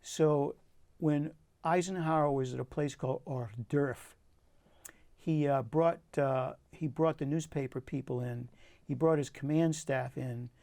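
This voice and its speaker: Here the older poet guest sounds a little high-pitched and mellow, with vocal fry, fairly even intonation, and a slightly slow pace. Interviewed in a community TV studio with no echo, he tells personal stories earnestly and reflectively, restarting often.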